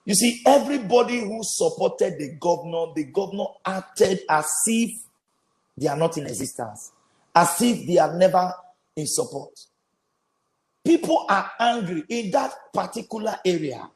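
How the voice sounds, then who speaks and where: Emphatic host in echoey room. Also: male voice, sits high, expressive. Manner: emphatic, repeats points slowly. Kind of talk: commentary to viewers.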